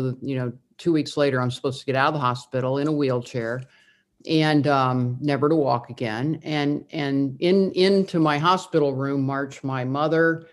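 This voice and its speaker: A woman from Indiana, a guest telling a personal story in a conversation, earnest, with frequent restarts and fillers. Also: very deep voice. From Midwest US, Indiana.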